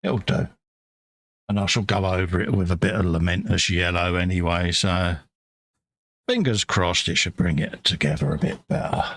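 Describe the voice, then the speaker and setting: A British man with a deep, low voice talks casually on a live stream. He drifts between friendly chat and quiet muttered asides while he works. The sound is close and dry, with no room around it. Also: normal speed, dry recording. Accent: British English. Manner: chatty, mumbling asides to himself while working. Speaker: livestream host painting models.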